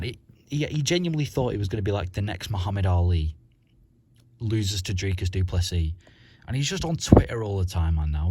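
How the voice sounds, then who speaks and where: A man's voice: low-pitched, mellow. A man ranting about the sport in a blunt, profane, rambling vlog. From Britain. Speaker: vlogger.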